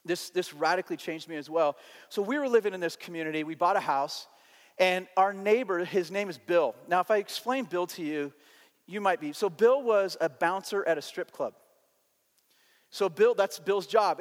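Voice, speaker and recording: Pastor guy telling a story in a sermon, kinda high voice, swings lively to hushed, echo trailing in a big hall. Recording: long hall reverb.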